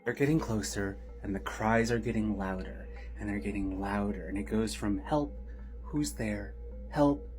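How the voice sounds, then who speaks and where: A man's voice: lowish voice, fairly even intonation, moderate pace, few pauses, a little mellow, faint music behind. A man casually telling a horror story, chatty with slang asides and dramatic build-up.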